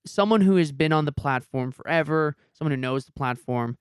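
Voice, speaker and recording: A man's voice: fairly high pitch, steady tone, brisk, clean tone, no room sound, clean studio sound. A young man hosting a podcast, telling a story in a casual way and acting out his own reactions. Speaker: podcast host and YouTuber. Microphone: headset.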